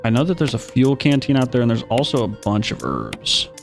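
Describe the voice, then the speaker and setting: A man's voice: medium pitch, big pitch swings, a little fast, vocal fry, faint music behind. A man streaming a horror video game, chatting casually and narrating his own moves with wry asides. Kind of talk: live gameplay commentary.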